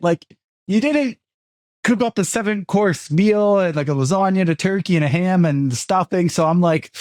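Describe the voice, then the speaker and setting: A man's voice: high-pitched, normal speed, a little mellow, no echo, studio quality. A man co-hosting a casual podcast, giving blunt, sarcastic opinions. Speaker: podcast co-host.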